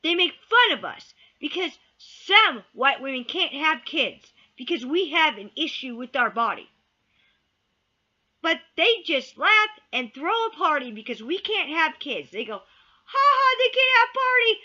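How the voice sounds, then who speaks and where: A woman's voice: high-pitched, very animated, a little slow, sharp tone, lo-fi sound. A woman giving a heated opinion rant to camera. She repeats key words for emphasis and sometimes swears. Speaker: vlogger.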